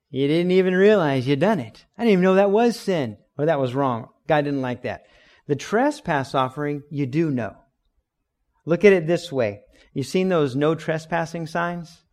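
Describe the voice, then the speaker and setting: A man's voice: fairly high pitch, darkish tone. A man preaching in a conversational way, explaining scripture with everyday examples and acted-out quotes. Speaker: pastor. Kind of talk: sermon.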